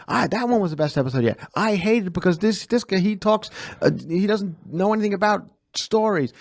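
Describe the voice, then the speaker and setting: A man's voice: high-pitched, quick pace, no echo. A man from Long Island hosting a comedy podcast, rambling and self-deprecating and swearing casually as he plugs his shows. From Long Island, New York.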